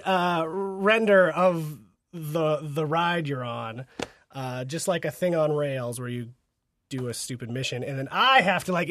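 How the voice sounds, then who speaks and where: A man's voice: fairly high pitch, a bit bright, no echo. A man in his thirties co-hosting a podcast, telling a laid-back story and laughing often. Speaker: podcast co-host. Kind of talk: casual chat.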